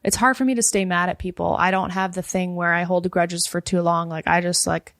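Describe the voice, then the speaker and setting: A woman's voice: on the low side, fairly quick, dry recording, studio quality. A woman guest in a casual chat, telling a story with lots of "like" and acting out what people said. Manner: animated storyteller, acts out quoted dialogue, fills with "like".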